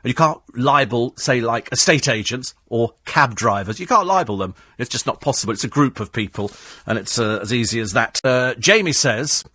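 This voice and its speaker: A man's voice: mid-range voice, animated, moderate pace, sharp tone, dry recording. A man hosting a talk radio phone-in, combative and sarcastic as he answers listener texts in a studio. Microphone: studio microphone.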